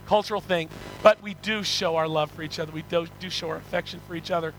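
A middle-aged male pastor preaching a sermon, telling a story with rising excitement, then praying. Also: on the high side, fast talker, soft background music, poor audio.

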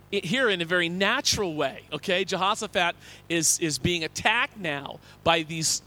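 A man's voice: high voice, sharp tone. A man preaching a sermon as a pastor, earnest and conversational, often repeating words and asking "okay?".

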